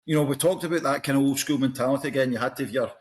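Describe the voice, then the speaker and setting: A middle-aged Scottish man, a podcast guest, chatting casually and telling animated stories. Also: mid-range voice, rapid-fire. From Scotland. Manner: storytelling, animated anecdotes. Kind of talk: casual chat.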